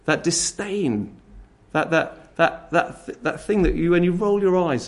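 A man preaching a sermon. He swings from loud emphasis to near-whispered asides and acts out scornful voices. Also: on the high side, unhurried.

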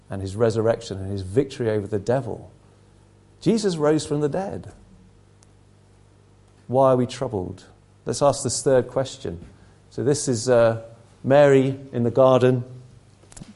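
A man's voice: mid-range voice, vocal fry, warm tone. Man preaching with rising emphasis. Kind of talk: sermon.

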